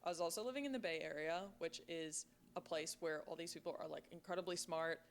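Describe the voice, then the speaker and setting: A woman's voice: fairly low pitch, fast, a little hiss or hum. A young woman raised in Australia who speaks with an American accent, gushing in a casual vlog with lots of "like". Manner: bubbly, gushing, heavy use of "like". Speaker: vlogger in a played video.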